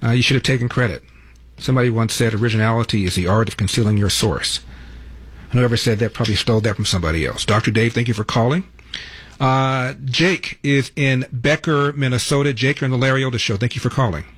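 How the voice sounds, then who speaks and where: A man's voice: medium pitch, fast, a bit bright, husky. A man in his seventies hosting a radio call-in show, telling stories in a chatty, conversational way. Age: 70s. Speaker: radio talk show host.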